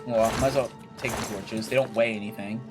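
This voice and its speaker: A man's voice: on the low side, fairly even intonation, fast, over music. A young man casually commentating his gameplay, chatty and jokey, swearing freely and talking to himself and the game characters. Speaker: gaming video creator.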